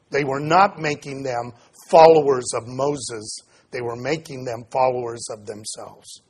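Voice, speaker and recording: A man preaching an expository sermon, reading scripture aloud and then explaining it with pauses and fillers. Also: a little high, breathy edge. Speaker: pastor.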